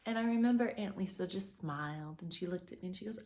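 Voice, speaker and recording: A young woman, a manifestation teacher, gives an earnest, effusive spiritual and motivational talk. She rambles and restarts, swinging from soft near-whispers to bright emphatic bursts. Her pitch is fairly low, and she talks fast with hardly any pauses.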